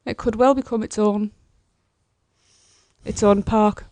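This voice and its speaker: A woman's voice: medium pitch, steady tone, takes it slowly, darkish tone, dry recording. A woman hosting a casual podcast, upbeat and welcoming. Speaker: podcast host.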